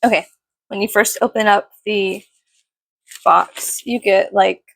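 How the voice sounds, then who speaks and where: Woman vlogger, casual unboxing chat, giggly and self-mocking, gravelly voice, dry close sound. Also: mid-range voice, steady tone, slow, a bit bright, no echo. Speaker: vlogger reviewing a perfume package.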